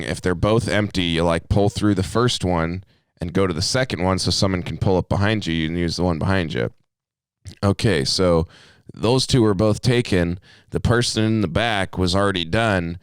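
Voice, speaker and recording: A young man ranting through a story on a casual podcast, swearing freely and acting out what he said in the moment. His voice sits on the low side and sounds smooth and clear. The sound is close and dry, with no room around it. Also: dry recording. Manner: animated ranting storyteller, swears a lot, acts out his own outbursts. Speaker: podcast co-host. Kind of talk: casual chat.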